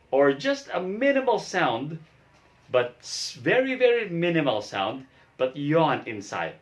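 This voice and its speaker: A man's voice: a little high, sing-song, measured pace. A man who is a pastor, teaching a singing lesson and patiently explaining each step while demonstrating sounds.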